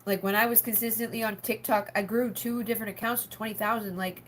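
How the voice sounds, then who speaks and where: A woman's voice: medium pitch, steady tone, quick pace, fairly bright tone, slight background noise. A woman hosting a casual livestream for her members, rambling with lots of filler words and frank swearing. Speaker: spiritual healer hosting a members' live stream.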